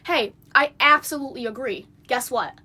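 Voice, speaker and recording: A woman's voice: fairly high pitch, brisk, pushed and bright. A young woman on a phone livestream, venting in an indignant, rambling rant full of fillers. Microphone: phone mic.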